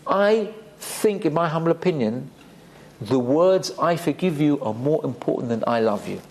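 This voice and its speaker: Animated, high-voiced rabbi teaching. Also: male voice, normal speed, a little hiss or hum. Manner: animated, emphatic, with Hebrew terms. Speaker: rabbi giving a Torah class. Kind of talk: sermon. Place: community synagogue hall.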